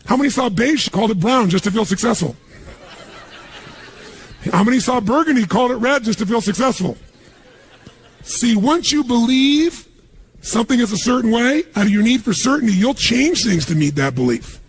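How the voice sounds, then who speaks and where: A man giving a motivational seminar talk on stage, energetic and punchy, firing questions at a live audience. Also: very high-pitched, normal speed, pauses often, a little hiss or hum. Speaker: motivational speaker.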